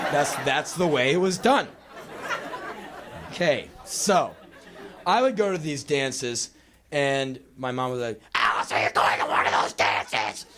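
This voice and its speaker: A man in his twenties doing live spoken word storytelling on a small venue stage, acting out his younger self in quick put-on voices. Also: medium pitch, slight background noise. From United States. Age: 20s.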